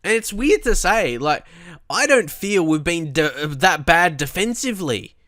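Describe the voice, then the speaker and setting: A young man giving loose, excitable commentary on the football match he is managing, swinging from hopeful chatter to frustrated swearing. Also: fairly high pitch, measured pace, dry recording, clean studio sound. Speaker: gaming commentator. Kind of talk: live match commentary while playing.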